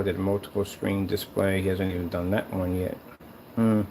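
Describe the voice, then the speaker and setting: A man's voice: on the low side, normal speed, slight background noise. A man who makes screen paint, delivering a sarcastic, rambling online rant that taunts a rival.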